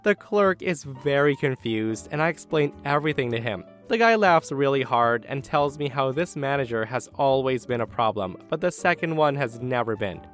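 A man reading a reddit story aloud as host, with expressive, chatty asides to his listeners. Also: medium pitch, normal speed, few pauses, soft background music. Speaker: story narrator.

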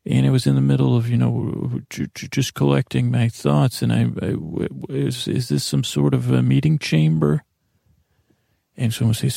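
A man in his forties hosting a podcast, delivering a meandering, stammering bedtime monologue in a drowsy, deadpan way. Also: medium pitch, normal speed, vocal fry, dry recording, studio quality. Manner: meandering, stammering, with many restarts. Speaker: podcast host.

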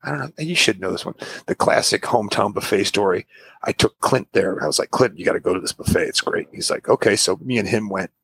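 Gravelly-voiced man telling stories. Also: lowish voice, fairly quick, dry recording. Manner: animated storyteller, acts out quoted voices. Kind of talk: casual chat.

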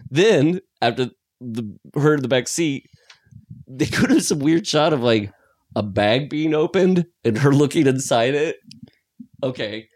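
Excitable man recapping a movie. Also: a little slow, no echo, clean studio sound. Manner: excitable, animated rambling with pitch jumps. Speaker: podcast co-host. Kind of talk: casual film review chat.

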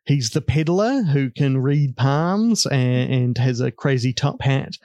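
A man's voice: mid-range voice, expressive, takes it slowly, a little mellow, dry recording. Man chatting casually, dry close mic. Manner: chatty, laughs often, hesitant fillers. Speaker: podcast co-host. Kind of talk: casual chat.

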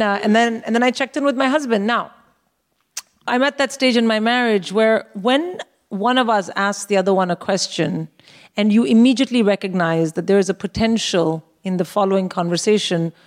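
A woman in her forties co-hosting a live comedy show, telling a wry, animated story and swearing freely on a stage. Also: medium pitch. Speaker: co-host. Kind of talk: comic storytelling to a live audience.

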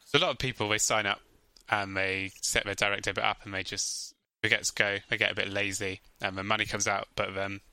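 A man co-hosting a podcast, teasing his partner with a dry wit. His voice is fairly low but comes across bright and forceful. The recording is close and dry, with no room sound. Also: flat delivery, brisk, hardly any pauses, clean tone, no room sound. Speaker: podcast co-host. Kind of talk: casual podcast chat.

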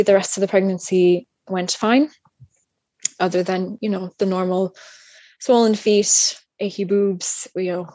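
A young woman with a slightly low voice tells a personal story in easy, chatty conversation. She acts out what other people said and fills her speech with ums and restarts. Her voice sounds close and dry, with no room echo. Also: a little mellow. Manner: chatty with many fillers and restarts. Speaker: podcast guest telling a personal story.

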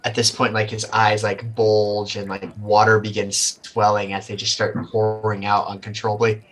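A man's voice: lowish voice, completely flat delivery, normal speed, a bit bright. A man narrating a tabletop game as game master, casual with lots of fillers.

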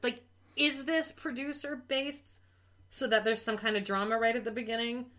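A woman's voice: fairly high pitch, steady tone, normal speed, fairly bright tone. A woman co-hosting a podcast in casual chat, talking with lots of "like" and frequent laughs. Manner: chatty, laughs often, says "like" a lot. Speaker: podcast co-host.

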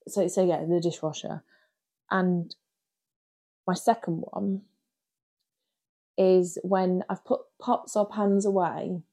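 A woman co-hosting a podcast, telling stories in casual chat and laughing often. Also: lowish voice. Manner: laughs often, animated storytelling. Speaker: podcast co-host.

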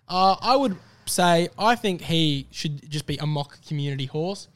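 An Australian man co-hosting a casual racing podcast, confidently rattling off his tips and prices. His voice sits a little higher than most men's and comes through clean and smooth. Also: lively intonation, unhurried, hardly any pauses, fairly bright tone. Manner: upbeat, confident tipster banter. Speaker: podcast co-host tipping races.

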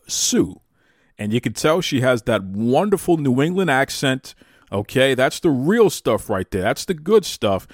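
A man hosting his own show, bouncing through jokey, mock-indignant banter. His pitch swings widely as he talks, and the sound is close and dry, with no room around it. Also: dry recording. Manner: animated, mock-outraged banter. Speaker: podcast host. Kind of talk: casual chat.

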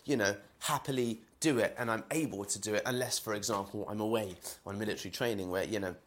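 A man's voice: fairly low pitch, fast talker. A man from London with a London accent, talking through a casual solo podcast in a home, rambling with many fillers and restarts. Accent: London English. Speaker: podcast host. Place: indoors in a home kitchen while boiling eggs.

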